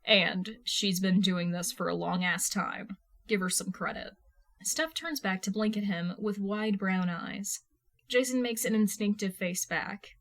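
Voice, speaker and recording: A woman reading fan fiction aloud in a casual, lively manner, swearing freely. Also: medium pitch, a little slow. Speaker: podfic reader. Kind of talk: fan fiction audiobook narration.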